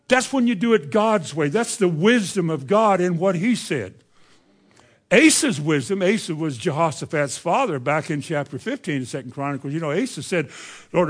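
Fervent high-voiced preacher. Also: male voice. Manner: emphatic, rhetorical questions to the congregation. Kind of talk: sermon.

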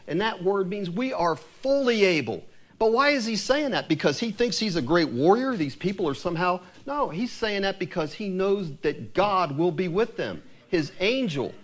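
A man's voice: high voice, big pitch swings, moderate pace, fairly bright tone. A man preaching a sermon who reads scripture aloud and asks his listeners questions.

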